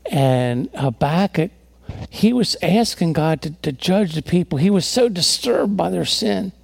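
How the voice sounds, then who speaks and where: Gravelly man preaching a sermon. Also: high-pitched, animated, a little slow, darkish tone, no echo. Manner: earnest storytelling with frequent restarts and repeated words. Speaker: pastor.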